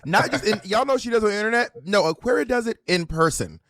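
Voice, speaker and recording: Lively, gossipy man co-hosting a chat. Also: high voice, fast talker, no echo. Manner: animated storytelling, gossipy. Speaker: podcast co-host. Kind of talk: casual chat.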